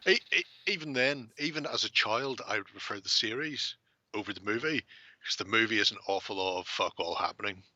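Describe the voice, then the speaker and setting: A man's voice: on the low side, fairly quick, pushed and bright, no echo, lo-fi sound. A man hosting a casual chat, swearing and joking freely. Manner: sweary, laughing banter. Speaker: host.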